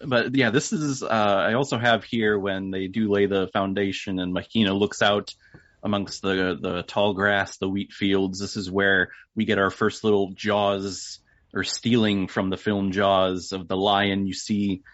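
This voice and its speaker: A man's voice: deep voice, level tone, a little slow, fairly bright tone, no room sound. A man co-hosting a podcast, animatedly retelling film scenes in casual chat. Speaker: podcast co-host. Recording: dull lo-fi dry sound.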